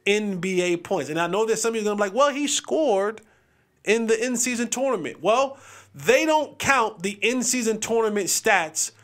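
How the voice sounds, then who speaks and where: A man hosts a casual sports talk show, with a voice that sits fairly high for a man. He talks in an animated, chatty way and acts out what players said. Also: normal speed.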